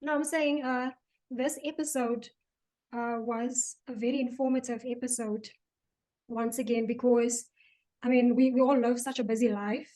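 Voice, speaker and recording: A soft-spoken woman co-hosts a podcast, recapping episodes with gentle enthusiasm. Her voice sits a little high and sounds mellow and warm. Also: steady tone, moderate pace, poor audio. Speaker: podcast co-host. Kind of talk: casual recap chat.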